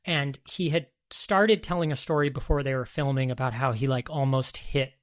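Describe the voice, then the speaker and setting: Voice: mid-range voice, normal speed. A podcast host retelling a story in casual conversation, hesitant, with many restarts.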